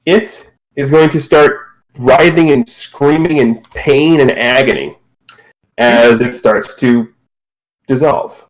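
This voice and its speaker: A man's voice: mid-range voice, slow, low-quality recording. Man running a tabletop game. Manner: relaxed, filler-heavy narration. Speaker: game master.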